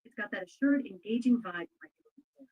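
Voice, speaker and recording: A synthetic woman's voice, a voice assistant replying politely and agreeably in a steady way. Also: medium pitch, quick pace, slightly rough, lo-fi sound.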